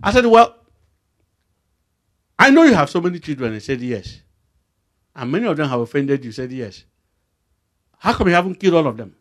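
Animated Nigerian male preacher. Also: fairly high pitch, fairly quick, pauses often. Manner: animated storytelling with voice rising sharply for emphasis. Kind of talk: sermon.

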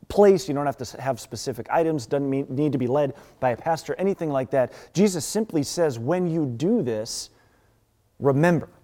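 A man's voice: mid-range voice, dark tone. A man preaching a sermon as pastor, earnest and emphatic, often restarting his words. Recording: long reverb.

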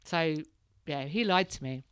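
A woman's voice: low-pitched, a little slow, smooth, no echo. A woman in her thirties, hosting a casual chat and telling candid stories, laughing now and then. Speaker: podcast host, mother.

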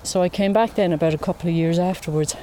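A woman in her fifties from Ireland, speaking with an Irish accent, has a fairly low, dark-toned voice over slight background noise. She's a wildlife photographer appearing as an interview guest, chatting casually while walking outdoors by a lake. Her manner is that of an unhurried, chatty storyteller.

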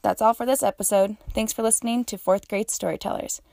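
A woman teacher closes a class storytelling podcast with a steady scripted read. Her mid-pitched voice carries a gravelly fry, and the recording is close and dry. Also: a little fast, no echo. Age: adult.

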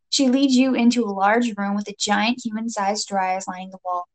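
A woman's voice: medium pitch, steady tone, normal speed, hardly any pauses. A woman narrating a comic second-person adventure story with playful, dramatic delivery and jokey asides.

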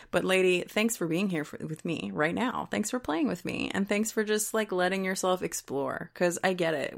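A woman's voice: mid-range voice, creaky. A woman speaking as a self-help coach, giving an encouraging motivational talk in a casual way, with the odd swear word.

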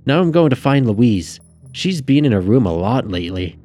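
A man's voice: mid-range voice, very animated, normal speed, dark tone, pitched above the performer's own voice, natural voice. A man voicing an eager, cheerful young girl, with faint music behind.

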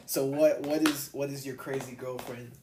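A young man hosting a casual podcast, loud and laughing a lot, swearing freely. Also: medium pitch, little pitch movement, moderate pace. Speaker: podcast host. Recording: echoey room with noise.

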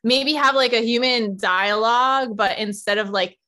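A woman's voice: on the high side, normal speed, pushed and bright. A young woman who teaches yoga, chatting casually in an enthusiastic way with many fillers. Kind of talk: casual chat.

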